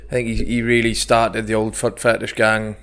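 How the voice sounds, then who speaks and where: A man's voice: fairly low pitch, monotone, normal speed, fairly bright tone, smooth. A man co-hosting a podcast, telling jokey stories with crude banter. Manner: jokey, crude banter, does sound effects. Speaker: podcast co-host. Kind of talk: casual chat.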